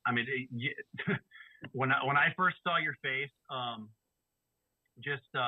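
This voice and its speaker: A man's voice: medium pitch, dry recording. A man, a roundtable guest, recalling memories hesitantly with many fillers in a casual chat. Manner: hesitant, filler-heavy recollection. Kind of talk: casual video-call chat. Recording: tinny phone-like call audio.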